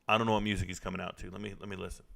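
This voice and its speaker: A man's voice: low-pitched, flat delivery, racing, creaky, sharp tone. A young man hosting a live stream, joking loosely with chat while reacting to a fight. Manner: joking, loose and chatty, talking to viewers in chat. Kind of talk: casual live reaction commentary.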